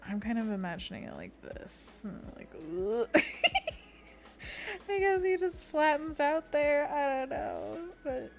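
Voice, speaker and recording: A young woman streaming as an art host, chatting casually with viewers while she paints, giggly and quick to slip into playful bits. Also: high-pitched, animated, gravelly, soft background music.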